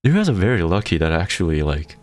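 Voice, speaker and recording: A man with a hoarse, worn voice from laryngitis, chatting casually on a stream, rambling and joking and often laughing. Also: low voice, sing-song, fast talker, faint music behind.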